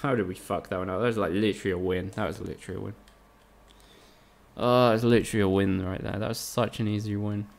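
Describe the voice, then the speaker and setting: A man's voice: on the low side, steady tone, fast, gravelly. A man casually commentating a live game stream, chatting with viewers, swearing often and joking sarcastically. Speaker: gaming streamer.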